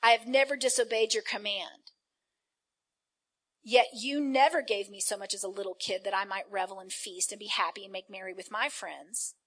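A woman preacher voicing a resentful, self-righteous elder brother who complains loudly and lists his good deeds. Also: medium pitch, steady tone, moderate pace, voice pushed down, natural voice. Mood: indignant.

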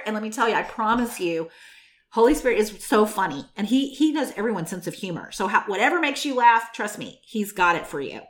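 A woman hosting a Christian podcast, preaching in an animated, exhorting way that breaks into laughter. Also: medium pitch, fairly quick. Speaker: podcast host and Christian teacher. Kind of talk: casual preaching monologue.

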